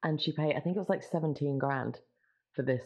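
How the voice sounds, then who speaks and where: A woman's voice: low voice, brisk, crowd noise. An English woman co-hosting a podcast, chatting casually and gushing with giggles. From England. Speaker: podcast co-host. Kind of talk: casual chat. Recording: dull lo-fi audio.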